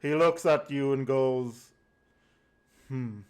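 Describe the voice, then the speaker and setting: A man narrating as game master of a tabletop game, slow and halting with many fillers. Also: medium pitch, expressive.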